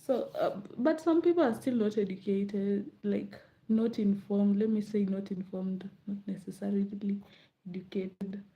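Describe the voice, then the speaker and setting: A woman's voice: medium pitch, moderate pace, dull audio. Chatty Kenyan woman, late-night murmur. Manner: rambling, chatty, laughs often, drops to soft murmurs. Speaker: vlogger. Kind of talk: casual late-night chat.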